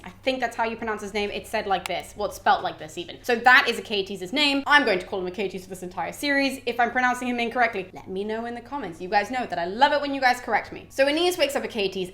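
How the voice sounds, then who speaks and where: A woman casually retelling a classic epic for viewers, joking and slipping into quick character voices. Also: fairly bright tone. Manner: chatty, jokey, acts out characters' lines with raised pitch. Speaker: literature summary vlogger.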